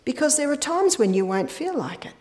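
Aussie woman lecturing at a church, fairly high voice, emphatic, rhetorical questions, hushes for key points. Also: big pitch swings, a little fast. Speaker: health speaker at a church. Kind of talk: sermon-style lecture to an audience.

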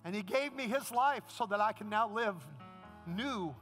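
A man's voice: high-pitched, normal speed, soft background music. A man preaching a sermon as pastor, then leading the congregation in an emotional prayer. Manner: impassioned preaching, rising to a shout.

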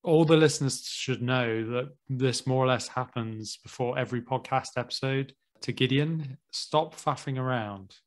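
British guy hosting a podcast, relaxed chatty, keeps tacking on "isn't it". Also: medium pitch, normal speed, hardly any pauses. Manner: easygoing, asks tag questions. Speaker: podcast host. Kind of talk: casual chat.

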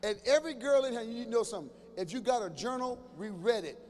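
A man in his fifties doing stand-up comedy with crowd work, animated, often acting out other people's voices and bantering with the audience. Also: extremely high pitch, quick pace, big-room sound, a little hiss or hum. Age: 50s. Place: large church hall before a live audience.

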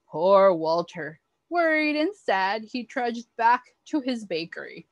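A woman, an early childhood educator, reading a picture book aloud to children with expressive, animated storytelling. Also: a little high, slow, dry recording.

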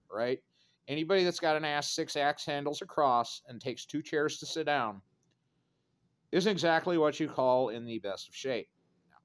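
A man in his thirties rambling through a profane, sardonic vlog rant with dark jokes. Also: medium pitch. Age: 30s. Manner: sardonic, profane, darkly joking. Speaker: vlogger.

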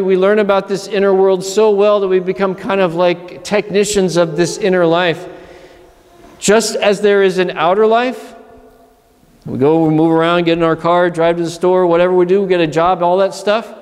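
A man's voice: high voice, long reverb tail. A man, an abbot from Pennsylvania, giving a conversational sermon at a retreat and acting out inner voices. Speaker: monastery abbot. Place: church.

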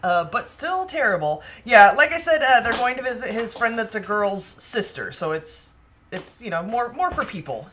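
A woman with a bright, fairly high voice chats casually on a home vlog. Her pitch swings freely as she giggles and reads viewer comments aloud between asides. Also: sing-song, moderate pace, slight background noise. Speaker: baking vlog co-host reading live chat. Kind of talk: casual chat.

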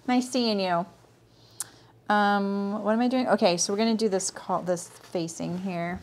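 A woman's voice: medium pitch, steady tone, a little slow. A woman hosting a live sewing tutorial, talking viewers through each step in a chatty way, greeting them by name and checking in with "right?". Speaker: sewing teacher and livestream host.

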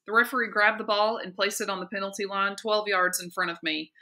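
Woman teacher, novel read-aloud, expressive, steady, very bright clear tone. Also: medium pitch, fairly quick. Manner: steady, lively expressive reading.

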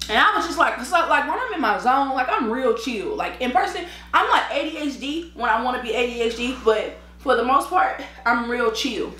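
With a high-pitched voice, a little fast and hardly pausing, a tired mukbang vlogger chats casually as she eats on camera. Her slangy tales come with plenty of laughter, and she eats and sips between sentences. There's slight background noise; she uses her own mic in an echoey room.

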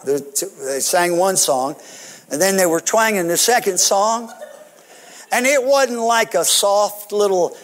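A pastor telling a story in a sermon, animated, often chuckling. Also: male voice, high voice. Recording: long hall reverb.

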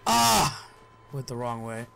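A man's voice: mid-range voice, moderate pace, a bit bright, soft background music. A man giving joking commentary while playing a game, talking to himself and to game characters with mock outbursts, on a desk mic. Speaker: let's play gamer. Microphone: headphones and desk mic.

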